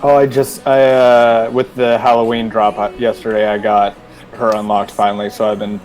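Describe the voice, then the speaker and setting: A man on voice chat, explaining his game progress in a hesitant, halting way. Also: fairly low pitch, flat delivery, a little mellow, faint music behind, low-quality recording. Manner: hesitant, halting, full of fillers. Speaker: guest on voice chat. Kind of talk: casual chat.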